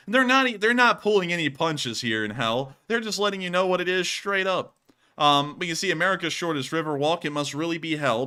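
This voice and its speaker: A man's voice: medium pitch, sharp tone, clean tone. A man hosting a livestream of war news commentary, exhausted and rambling with many fillers. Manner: rambling, frequent fillers and thank-yous. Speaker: livestream host.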